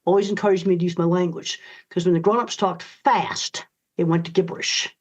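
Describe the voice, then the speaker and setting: A woman's voice: on the low side, steady tone, brisk, a little mellow. An older woman answering interview questions in a blunt, emphatic, direct way. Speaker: guest author. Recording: dull lo-fi audio.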